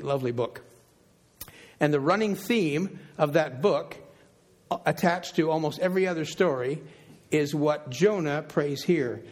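A man preaching a sermon, emphatic, repeating phrases for weight and slowing on key words. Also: fairly high pitch, a little mellow. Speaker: pastor.

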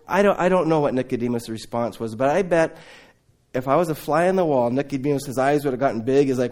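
A man's voice: on the high side, fast, a little mellow. A male preacher retelling gospel stories in a sermon, asking questions and repeating key words.

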